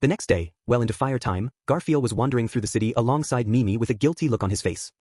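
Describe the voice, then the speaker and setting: Fast husky male audiobook narrator. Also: mid-range voice, animated, a little mellow, no room sound, clean studio sound. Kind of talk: scripted narration.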